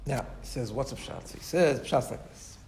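A man's voice: mid-range voice, moderate pace, a little mellow, slight background noise. A man giving a Torah class with an Orthodox Jewish English and Ashkenazi Hebrew accent. He talks in a chatty way, repeats words and keeps asking "right?". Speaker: Torah teacher.

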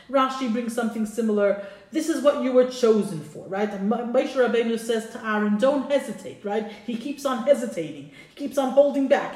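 A woman's voice: medium pitch, darkish tone. A woman teaching a Torah class, who reads Hebrew lines from a text and translates them with informal asides. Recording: roomy echo.

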